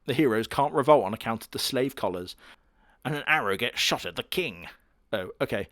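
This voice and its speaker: A man's voice: medium pitch, expressive, fairly quick, a bit bright, dry recording, studio quality. A man giving crude, sardonic comedic commentary on an anime. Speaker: anime reviewer.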